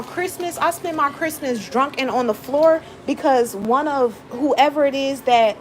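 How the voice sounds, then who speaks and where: A woman's voice: fairly high pitch, background noise. Hurt woman venting to her viewers. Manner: hurt, rambling, frequent fillers. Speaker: vlogger.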